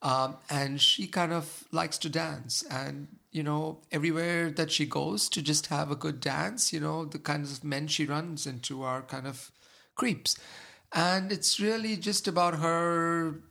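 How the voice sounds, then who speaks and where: Guy with a gravelly slightly high voice gushing about movies, lots of uhs. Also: measured pace, few pauses, bright, forceful tone. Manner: enthusiastic, rambling with many fillers. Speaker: film podcast co-host. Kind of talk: casual film review chat.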